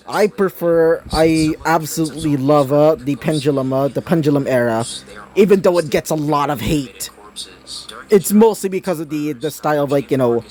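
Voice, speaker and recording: A man narrating his own fan story in a loose, chatty way. He rambles, stops to correct himself, and leans on fillers. His voice sits a little higher than most men's. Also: a little mellow.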